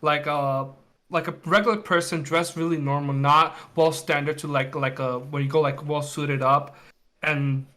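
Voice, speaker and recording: A man's voice: fairly high pitch, fairly even intonation, normal speed, bright, forceful tone. A man hosting a podcast interview, talking casually and rambling, restarting sentences as he searches for words. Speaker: podcast host.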